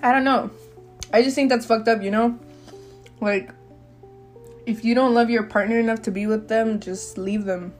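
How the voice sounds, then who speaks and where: A woman's voice: fairly high pitch, steady tone, normal speed, long pauses, faint music behind. A young woman hosting her own podcast, telling a candid, slang-heavy story in a rambling, casual way with frequent laughs. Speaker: podcast host. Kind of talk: casual solo podcast chat.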